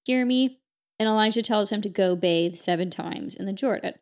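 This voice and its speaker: A woman co-hosting a podcast, casually retelling a story with lots of "like" and quick character voices. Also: medium pitch, fairly even intonation, vocal fry. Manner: chatty, peppered with "like", voices characters in quotes. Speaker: podcast co-host.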